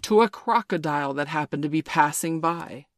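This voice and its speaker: A woman voicing a menacing, brooding male pirate captain in a storybook reading, speaking slowly and darkly with theatrical force. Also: deep voice, no echo, clean studio sound, close to an everyday voice. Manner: slow, dark, theatrical growl.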